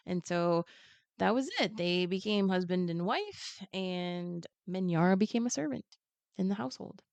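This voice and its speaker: A woman chatting casually as a podcast guest, retelling a picture book in an animated way and playing the characters' lines in quick asides. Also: fairly low pitch, vocal fry, no room sound, highs cut off.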